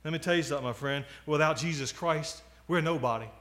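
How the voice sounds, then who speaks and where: A man in his forties preaching a sermon, moving from loud appeals to quiet asides. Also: on the high side, fast talker. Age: 40s.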